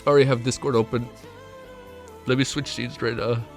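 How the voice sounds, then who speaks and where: A young man live-streaming a reaction, reading a novel aloud and chatting excitedly, swearing a lot, with a stuffy nose and close to tears. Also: medium pitch, a little fast, faint music behind.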